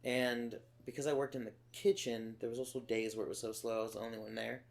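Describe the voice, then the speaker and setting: A man's voice: mid-range voice, flat delivery, fast, gravelly. A man from Los Angeles, a podcast co-host telling stories in a sardonic, profane way. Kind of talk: casual chat.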